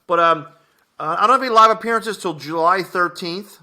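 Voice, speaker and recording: A man's voice: high-pitched, a little fast, pushed and bright. A man co-hosting a podcast from a home studio, telling rambling stories in casual chat with many fillers and restarts. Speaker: podcast co-host, comedian.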